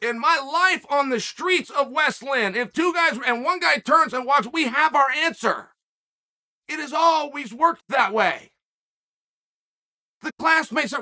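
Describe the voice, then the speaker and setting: Man, host, emphatic solo commentary, rhetorical challenges, bright forceful voice. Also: very high-pitched, animated, measured pace. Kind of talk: animated solo commentary rant.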